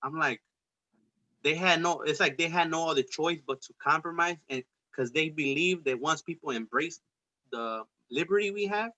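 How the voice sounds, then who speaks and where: Male podcast host, raised-pitch bright voice, loose profane streetwise delivery; dull lo-fi recording. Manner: rambling, profane, streetwise slang. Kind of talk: casual political debate chat.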